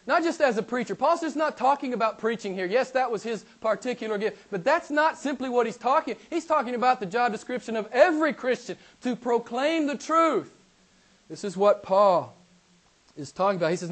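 A man preaching a sermon who repeats his key phrases, calls his listeners beloved and keeps putting questions to them, swinging between loud emphasis and quiet asides. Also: high-pitched, expressive, normal speed. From United States. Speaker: pastor.

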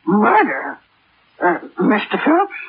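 Radio play: a crotchety old landlady, high and swooping, slow drawl, dull vintage broadcast with hiss. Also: wildly swooping pitch, husky, heavily acted. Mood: suspicious. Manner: blunt, grumbling, easily flustered. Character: old woman landlady, gin-soaked and cranky. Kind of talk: 1940s radio acting.

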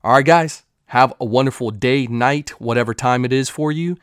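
A man's voice: medium pitch, moderate pace, clean tone, no echo, clean studio sound. A man hosting a solo podcast in a casual chat, loose and profane, with jokey asides. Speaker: podcast host. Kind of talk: casual solo podcast chat about comics and film news.

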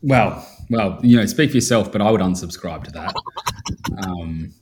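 A man's voice: sits low, moderate pace, darkish tone. A man who directs a photography festival, talking in wry, self-mocking podcast banter and laughing often.

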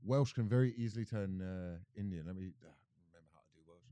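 A man's voice: on the low side, quick pace, mellow, clean tone, no room sound. Young man, podcast co-host, playful banter, dry booth sound. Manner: joking, slips into impressions and accents. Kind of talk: casual chat.

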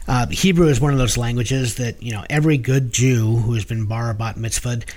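Male podcast co-host, mid-pitched, explains in an easygoing way with plenty of ums. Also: fairly quick, darkish tone. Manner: explanatory, hesitant with many fillers. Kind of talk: casual chat.

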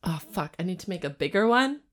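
A woman's voice: lowish voice, animated, quick pace. A woman co-hosting a comedy podcast, cutting in with giggly jokes and mock outrage. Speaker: podcast co-host. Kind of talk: casual comedic chat.

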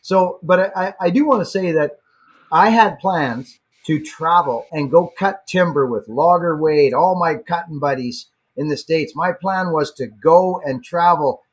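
A Canadian man with a fairly high, husky voice. He talks earnestly and often doubles up on words as he gets going. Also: unhurried. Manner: earnest, repeats words as he starts sentences. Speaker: guest, YouTuber. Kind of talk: casual conversation.

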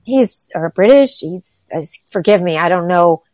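American woman, middle-aged, kinda low voice, rambly and excited, dry close sound. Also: a little slow, dry recording. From United States. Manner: enthusiastic, rambling, lots of fillers. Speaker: interview guest, singer and voice actress. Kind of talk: casual chat.

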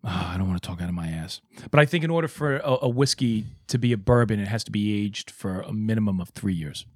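A man's voice: fairly low pitch, fast talker, no echo, studio quality. A man co-hosting a casual podcast who jokes and swears freely. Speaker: podcast co-host. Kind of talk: casual chat.

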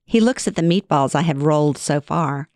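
A woman's voice: low voice, normal speed, a little mellow, no room sound, studio quality. A middle-aged woman reading her own memoir aloud in a wry, conversational way. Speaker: memoir narrator. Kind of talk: first-person storytelling reading.

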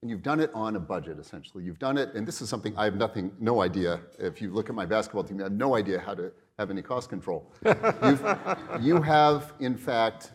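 A middle-aged man with a somewhat low voice hosts an onstage interview at a luncheon. He talks in a loose, rambling way, starting over and tossing in asides as he goes. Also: expressive, fairly quick. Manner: rambling, full of restarts and asides.

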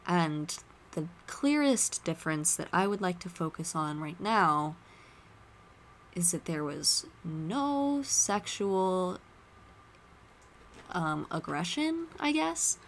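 A woman hosting a podcast, chatting casually and retelling movie scenes with lively asides. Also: fairly low pitch, slow pace, a little hiss or hum. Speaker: podcast host.

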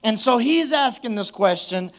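A man's voice: very high-pitched, animated, normal speed, fairly bright tone. A male pastor preaching a live sermon at a church service, talking conversationally and calling out to the congregation for responses.

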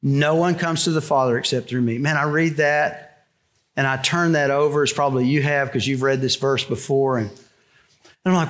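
A middle-aged pastor preaching a conversational sermon with wry asides. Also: male voice, mid-range voice, normal speed, fairly bright tone.

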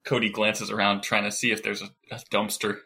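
A man's voice: on the low side, completely flat delivery, a little fast, background noise. A man playing a tabletop game, making dry, wry remarks. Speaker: player.

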